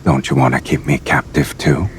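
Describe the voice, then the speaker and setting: An actor voicing a seductive, teasing male love interest in a dating game, with a slow, breathy delivery. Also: extremely low pitch, steady tone, slight background noise.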